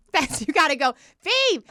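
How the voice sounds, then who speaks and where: A woman comedian and impressionist chatting casually on a podcast, explaining things in an animated way with frequent laughs. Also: medium pitch.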